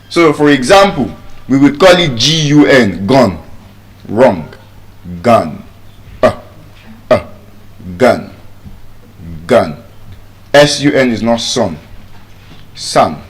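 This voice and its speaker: A middle-aged man with a Nigerian accent teaching English pronunciation, repeating each word slowly to demonstrate the sounds. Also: on the low side. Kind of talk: spoken English lesson.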